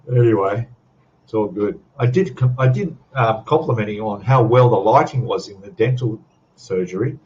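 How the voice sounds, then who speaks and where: A man's voice: fairly low pitch, animated, unhurried, pauses often, darkish tone, lo-fi sound. An older Australian man hosting a casual live stream chat, rambling and chuckling as he reads out viewer comments. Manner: rambling, chatty, laughs often, reads out chat.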